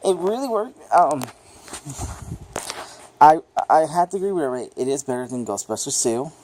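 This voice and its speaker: A man giving a casual, unscripted movie review, rambling and excitable, swearing freely and filling gaps with "you know" and "like". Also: on the high side, brisk, pauses often.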